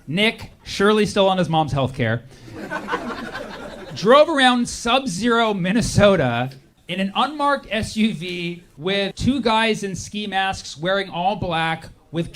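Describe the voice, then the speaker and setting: A man performing a sarcastic stand-up comedy set, acting out the people he quotes. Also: sits high. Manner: sarcastic, acts out quoted voices.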